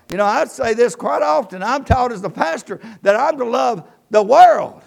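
A pastor delivers a church sermon, his voice pitched high for a man and full of gravelly fry. He quotes scripture and swells and drops his emphasis as he preaches. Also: expressive, moderate pace, few pauses. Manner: preaching with rising and falling emphasis, quoting scripture.

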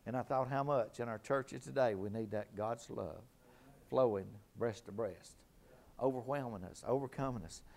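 A man's voice: medium pitch, moderate pace, vocal fry, a little mellow. A middle-aged man preaching a sermon in a fervent, emphatic way, repeating his key lines.

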